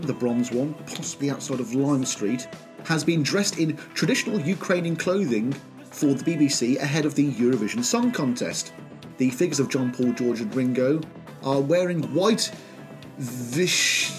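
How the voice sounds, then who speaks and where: A man hosting a podcast, chatting casually with a guest and then reading news items in a rambling, friendly way. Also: mid-range voice. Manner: chatty, rambling, restarts, laughs often. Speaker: podcast host.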